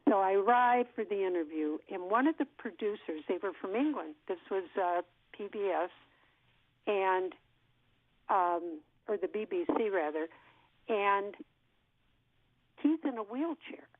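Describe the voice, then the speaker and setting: A woman in her sixties, an actress, telling an animated story in an interview and acting out what people said. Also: mid-range voice, measured pace, long pauses, dry recording. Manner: lively storyteller who acts out what people said. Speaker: actress guest. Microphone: telephone. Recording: tinny phone line.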